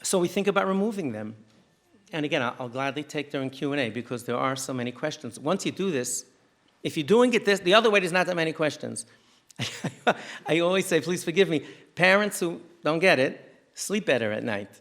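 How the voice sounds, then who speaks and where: A man's voice: fairly high pitch, fairly quick. A middle-aged man from the United States, a rabbi, lecturing a community audience in a synagogue hall. He tells stories animatedly and often restarts his sentences. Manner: animated storyteller who acts out quotes, with frequent restarts. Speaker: rabbi giving a parenting talk.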